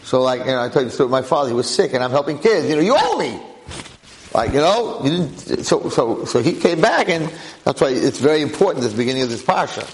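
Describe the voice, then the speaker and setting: Animated rabbi teaching a class. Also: male voice, mid-range voice, fast talker, poor audio. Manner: animated storyteller, full of rhetorical questions. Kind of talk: lively Torah class. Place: classroom with a live audience.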